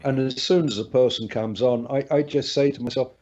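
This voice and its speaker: A mellow, relaxed male voice comes through a dull, muffled video call. He keeps restarting his words and ends thoughts with gentle tag questions. He is a hypnotist hosting an interview. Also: mid-range voice, a little fast, slight background noise. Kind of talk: casual interview chat. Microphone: video call over Skype.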